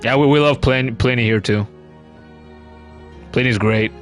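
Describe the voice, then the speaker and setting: A man's voice: mid-range voice, measured pace, soft background music. A man giving casual, chatty commentary while streaming a game, cursing now and then and reading chat comments aloud.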